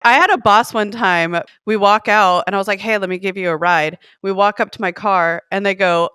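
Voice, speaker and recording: A woman's voice: mid-range voice, moderate pace, clean tone, dry recording, studio quality. A young woman, blunt and profane, telling stories and giving money advice in casual chat. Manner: blunt and profane, animated retelling of quotes. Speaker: podcast host.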